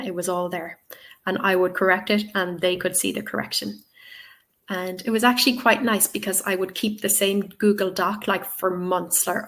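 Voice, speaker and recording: A woman's voice: fairly low pitch, creaky, a bit bright. Chatty woman teacher on a webinar. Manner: chatty and encouraging, many ums and okays. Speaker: TEFL trainer answering webinar questions. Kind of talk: live webinar Q&A. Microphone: webcam on video call.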